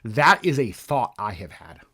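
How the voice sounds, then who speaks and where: A man co-hosting a casual podcast, talking in an earnest, enthusiastic way. He often breaks off and restarts his sentences as he works out a thought. His voice sits at an ordinary pitch for a man. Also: sing-song, a little slow, pushed and bright, breathy edge. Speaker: podcast co-host. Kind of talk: casual conversational podcast chat.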